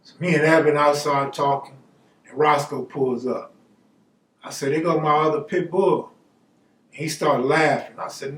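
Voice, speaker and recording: A man's voice: on the high side, fairly even intonation, moderate pace, reverberant, recorded from a distance. A man telling a personal neighborhood story in a laid-back, slangy way, acting out the quoted dialogue. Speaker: storyteller host. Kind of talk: casual storytelling.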